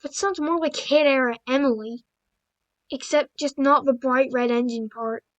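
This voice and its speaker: A video creator with a high voice reads simple children's stories aloud, casual and offhand, at a moderate pace. She stumbles on words, starts lines over, and breaks in with blunt asides. The audio quality is poor.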